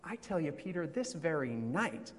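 A man reading the words of a calm, authoritative male teacher in measured, solemn pronouncements. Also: a little high. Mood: stern. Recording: long hall reverb.

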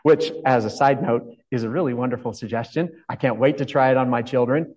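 A man's voice: medium pitch, brisk, few pauses, darkish tone, low-quality recording. A male pastor giving a reflective, conversational sermon, asking his congregation questions as he goes.

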